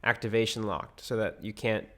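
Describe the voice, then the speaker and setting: A man's voice: on the low side, steady tone, normal speed. A young American man casually recounting a personal story, rambling with many fillers and restarts. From United States. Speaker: vlogger.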